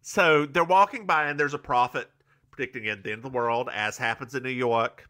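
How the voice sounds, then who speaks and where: A man's voice: mid-range voice, a little fast, sharp tone. A man co-hosting a podcast, recapping a TV episode in casual chat and playfully acting out the characters in voices. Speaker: podcast co-host.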